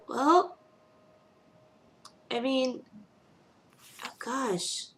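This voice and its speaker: A woman's voice: medium pitch, unhurried, long pauses, slight background noise. A woman gamer doing let's play commentary, reacting emotionally with frequent exclamations and reading the game's text aloud.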